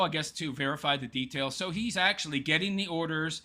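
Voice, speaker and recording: A man's voice: on the high side, fast talker, few pauses, pushed and bright. A man hosting a commentary show, talking sarcastically over a clip and laughing often at his target. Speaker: show host.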